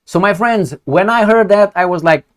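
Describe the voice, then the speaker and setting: A man's voice: high-pitched, normal speed. A man giving a sarcastic, profane political rant from indoors at home. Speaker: political commentator. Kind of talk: ranting political commentary.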